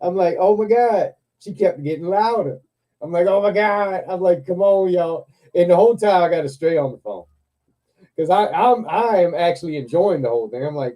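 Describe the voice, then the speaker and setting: Dark-voiced man telling a wild story. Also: fairly high pitch, moderate pace. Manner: laughs often, swears freely, animated retelling. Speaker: live stream host. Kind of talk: casual storytelling chat.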